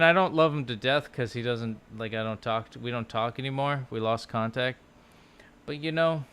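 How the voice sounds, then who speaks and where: A man vlogging from a low couch at home into his laptop, musing aloud in a loose, rambling way full of "like" and restarts. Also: fairly bright tone, a little hiss or hum. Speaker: language-learning vlogger. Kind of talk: casual rambling chat. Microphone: laptop microphone.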